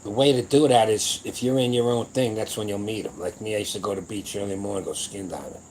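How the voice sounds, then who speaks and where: A man's voice: lowish voice, fast, darkish tone, slight background noise, low-quality recording. A man in his seventies hosting his own powerlifting channel, talking in a blunt, rambling, profane and boastful way in a casual livestream chat. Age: 70s.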